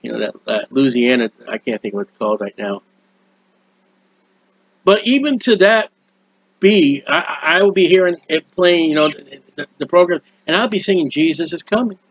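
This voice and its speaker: A man preaching a sermon in an earnest, rambling way, with restarts and quiet asides, recorded at home. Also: a little high, lively intonation, moderate pace, long pauses, lo-fi sound. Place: at home, birds heard nearby.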